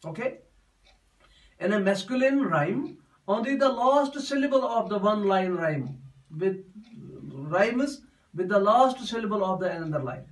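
Man teaching a poem, repeats stuff a lot, voice kinda high and a bit far from the mic. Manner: repetitive, explains step by step with many restarts. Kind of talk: classroom poetry lesson.

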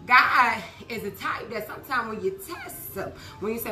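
A woman fitness instructor with a hoarse voice, chatting casually and upbeat to her viewers after a workout and drifting into preachy testimony. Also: a little high, brisk, sharp tone, roomy sound, soft background music.

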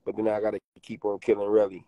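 A man's voice: lowish voice, completely flat delivery, fast talker, warm tone, no echo, dull audio. A man doing mocking, taunting roast commentary on a stream, laughing at his target.

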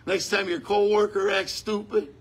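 A man preaching a sermon in a conversational way, breaking into shouts on key lines. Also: high-pitched, steady tone, normal speed, breathy edge.

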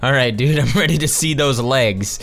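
A man's voice: mid-range voice, moderate pace, vocal fry, a bit bright. A young man casually commentating a video game, slangy and jokey, with sarcastic asides. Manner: slangy, jokey, sarcastic, calls everyone dude. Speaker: gaming channel host. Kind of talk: casual let's-play commentary.

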